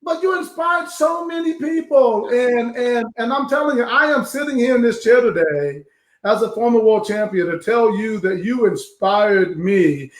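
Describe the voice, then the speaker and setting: A man hosting a live online show, talking with loud, emotional enthusiasm. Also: very high voice, lively intonation, normal speed, reverberant. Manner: effusive, emotional, loud exclamations.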